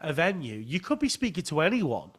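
A man hosting a casual chat, talking in an excitable, rambling way and often jumping in over his guest. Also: a little high, fairly quick, breathy edge. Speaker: podcast host.

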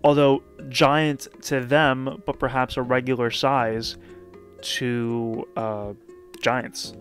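A man casually recapping and commenting on a manga chapter in a loose, chatty way, with plenty of fillers. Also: medium pitch. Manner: loose, chatty retelling with frequent fillers and quick laughs.

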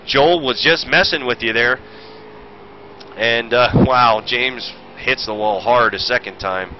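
This is a sim racing commentator and streamer, a man with a mid-range voice who takes things slowly. He delivers brash, profane, off-the-cuff commentary on a sim race he hosts. The stream audio is muffled and loud racing game engine noise fills the background.

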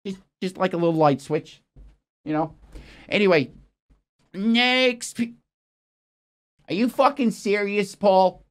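A man's voice: high voice, animated, moderate pace. A man hosting a mock news show, improvising in a profane, exasperated, rambling way. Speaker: comedy news anchor. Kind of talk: improvised comic news parody.

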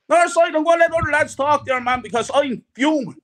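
A middle-aged man in a fuming fan rant, hammering the same points again and again. His voice sits very high for a man and rings bright and forceful. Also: quick pace, hardly any pauses. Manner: angry, ranting, repeats himself. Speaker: guest fan.

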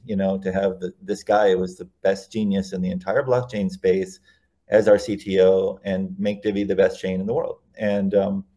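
Man, interview guest, fairly low voice, loose casual storytelling, rambling, restarts his sentences. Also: darkish tone. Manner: rambling, self-correcting anecdotes.

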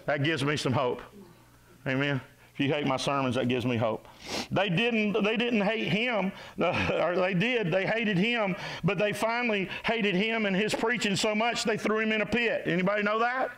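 A man preaching to his church with a high, gravelly voice that climbs into shouts and then sinks into quiet asides. His sermon delivery is animated and exhorting. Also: moderate pace, rough recording. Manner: animated, exhorting, rises to shouts and drops to low tones. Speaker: pastor. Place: church sanctuary.

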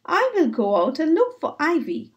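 A woman's voice: high-pitched, wildly swooping pitch, moderate pace, muffled recording. A woman voicing a brave, kind male bear hero in a storybook, cheerful and determined.

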